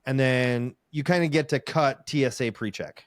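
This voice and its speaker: A male comedian co-hosting a podcast talks in a wry, rambling way and slips into other people's voices as he tells stories. His voice sits at an ordinary pitch for a man. The sound is dry and close, with no room echo. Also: moderate pace. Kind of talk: casual chat.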